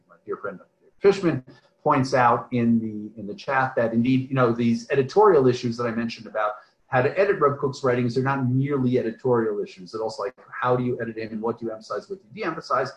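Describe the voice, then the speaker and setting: A man's voice: mid-range voice, quick pace, dull audio. Man teaching an online class, roomy echo, discursive, tags "right?" onto his points. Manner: discursive, often adds "right?" and "um", restarts phrases. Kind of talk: online lecture with questions from the chat. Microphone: video call.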